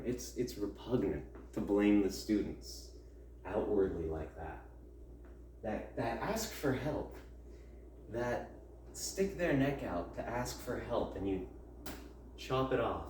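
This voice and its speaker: A man's voice: medium pitch, mellow, a little hiss or hum. A young man and college student chatting casually at home during a workout, rambling and ranting with lots of fillers. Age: young adult. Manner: rambling, grumbling rants with many fillers. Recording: roomy, distant mic, faint ambience.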